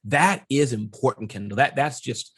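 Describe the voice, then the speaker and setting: A middle-aged man, an entrepreneur guest, talking business advice in an energetic, emphatic way and ticking off numbered points. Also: mid-range voice, normal speed, slightly rough. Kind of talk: casual business interview.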